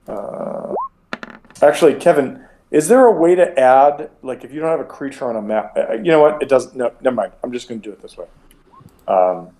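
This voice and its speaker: A man's voice: mid-range voice, animated, moderate pace, warm tone. A man running a tabletop game as game master, talking casually and rambling, with frequent restarts.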